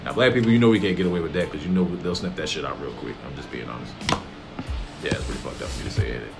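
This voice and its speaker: A man's voice: extremely low pitch, rapid-fire, gravelly, over music. A man co-hosting a casual chat, telling joking stories and swearing freely. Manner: profane, joking, animated storyteller. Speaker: podcast co-host.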